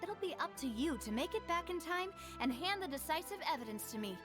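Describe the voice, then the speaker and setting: A woman's voice: high-pitched, animated, a little fast. A woman voicing a confident, upbeat young woman leading an investigation in a video game. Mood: determined. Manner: determined, cheerful. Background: game music.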